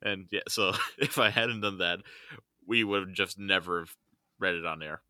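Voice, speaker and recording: A man's voice: low voice, moderate pace, sharp tone, no echo, clean studio sound. A man co-hosting a podcast in casual chat, hesitant and stammering, laughing often. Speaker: podcast co-host.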